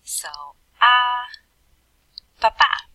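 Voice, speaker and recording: A woman's voice: fairly high pitch, animated, extremely slow, pushed and bright, no echo, far from the mic, soft background music, low-quality recording. A woman Spanish teacher explaining grammar patiently, step by step, in a recorded lesson. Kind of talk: recorded classroom lesson with screen writing.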